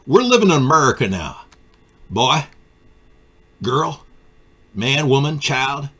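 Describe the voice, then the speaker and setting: Man, stream host, casual political chat, sardonic, lively swinging pitch, keyboard typing nearby. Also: takes it slowly, husky. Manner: sardonic, riffs off viewer comments. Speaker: live stream talk show host.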